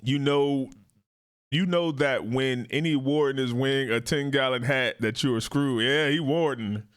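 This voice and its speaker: A man hosting a reaction video, giving blunt, profane, animated commentary. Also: mid-range voice, measured pace, clear, resonant tone. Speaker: react channel host.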